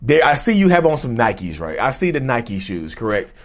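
A man hosting his own vlog in casual, animated talk, rambling with slang and frequent restarts. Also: medium pitch, normal speed. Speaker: YouTube host.

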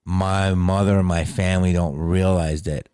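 Animated, profane man with a low voice. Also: moderate pace, clear, resonant tone. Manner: animated and profane, acting out quotes. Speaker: actor and comedian. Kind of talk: casual storytelling.

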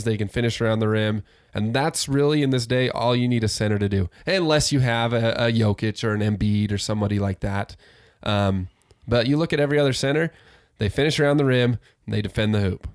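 A man in easy, casual sports chat, sure of his opinions and quick to laugh. His voice sits at an ordinary middle pitch. The sound is close and dry, with no room echo. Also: clean tone. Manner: laid-back, opinionated, laughs easily. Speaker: podcast co-host.

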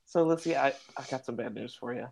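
Host, gravelly voice, mid pitch, lively and playful. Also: fast talker, crowd noise. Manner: playful, teasing storyteller. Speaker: podcast host. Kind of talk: casual chat.

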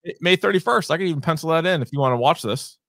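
A man's voice: a little high, lively intonation, racing, a bit bright, dry recording, clean studio sound. A man co-hosting a podcast, rambling through entertainment news in casual chat and swearing now and then. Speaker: podcast co-host.

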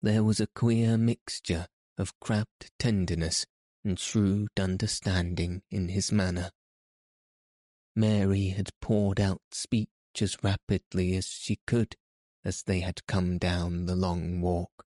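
Male audiobook narrator, deep voice, slow, measured storybook reading. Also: little pitch movement, dark tone, dry recording, clean studio sound.

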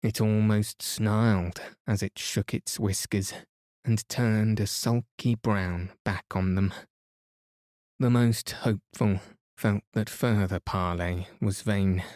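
A man narrates a bedtime story in a calm, soothing way. His voice is lowish and very slow, and the recording is close and dry with no room sound. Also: no room sound. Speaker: podcast host and reader.

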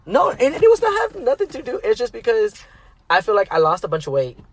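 A man's voice: high-pitched, huge pitch swings, fairly quick. A man co-hosting a podcast, chatting casually in a teasing, talkative way. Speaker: podcast co-host.

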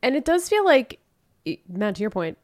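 A woman hosting a casual recap podcast, retelling scenes in an animated way and acting out the quotes. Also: high-pitched, moderate pace, no room sound, studio quality. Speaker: podcast host.

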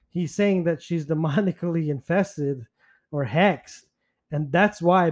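A man hosting a solo podcast, speaking in an earnest, indignant, unhurried way. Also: fairly high pitch, darkish tone. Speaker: podcast host.

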